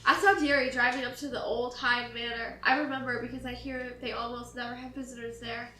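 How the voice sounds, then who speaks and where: A woman voicing a young female aspiring actress who passes on a tip in a hushed, confiding way. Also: fairly high pitch, flat delivery, a little fast, far from the mic, a little hiss or hum. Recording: roomy echo.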